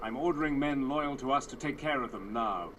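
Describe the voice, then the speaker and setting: A man's voice: mid-range voice, fairly quick, background noise, close to an everyday voice. A man voicing an urgent officer reporting. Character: dutiful male officer reporting to his general. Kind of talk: video game cutscene acting.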